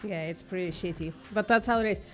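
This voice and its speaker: A woman's voice: on the low side, fast talker, soft background music. A young woman with a mixed, slightly Russian-sounding accent, chatting in a laid-back way on a voice call. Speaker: outreach host. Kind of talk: casual voice chat. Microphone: good desk mic on a voice call.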